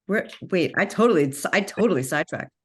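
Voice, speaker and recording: A woman's voice: on the low side, brisk, slightly rough. A woman, a massage therapist and actor, telling a story in a casual chat with frequent restarts and tangents over a video call. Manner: chatty, animated, sidetracks and restarts.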